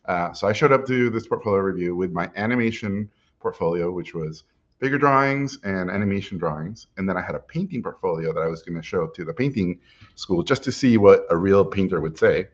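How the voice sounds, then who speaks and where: Low-voiced middle-aged man, dull lo-fi sound. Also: fairly quick. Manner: animated storyteller, chuckles while telling anecdotes. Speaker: animation director. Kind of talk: personal storytelling talk. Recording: dull lo-fi recording.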